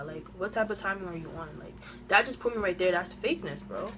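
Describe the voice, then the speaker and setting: A woman of twenty-one telling a casual storytime on her own channel, animated and slang-heavy, eating while she talks into a phone camera. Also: fairly low pitch, quick pace, background noise. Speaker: vlogger.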